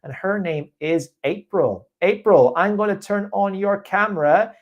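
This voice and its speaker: A man's voice: high voice, measured pace, dull audio. A man teaching an IELTS speaking class live online, giving a student encouraging tips over a video call. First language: English. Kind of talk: live online coaching session.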